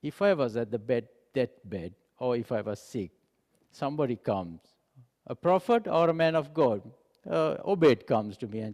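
A man preaching a sermon, animated and acting out dialogue, dropping to a soft voice for emphasis. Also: a little high, moderate pace. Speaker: pastor. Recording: long hall reverb.

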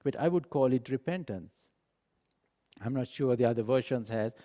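A man preaching a sermon, animated and acting out dialogue, dropping to a soft voice for emphasis. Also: medium pitch, normal speed. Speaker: pastor. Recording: long hall reverb.

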